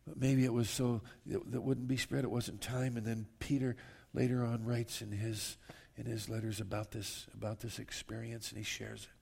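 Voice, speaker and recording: A man's voice: medium pitch, little pitch movement, normal speed, vocal fry, darkish tone, breathy edge. A man preaching a verse-by-verse sermon in an earnest, conversational way, turning often to speak straight to his listeners. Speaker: pastor.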